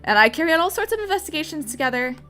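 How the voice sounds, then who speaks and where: A woman's voice: high-pitched, big pitch swings, very fast, sharp tone, pitched above the performer's own voice, exaggerated voice. A woman voicing a nervous young male mouse assistant in a game, flustered and stumbling over names. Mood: apologetic.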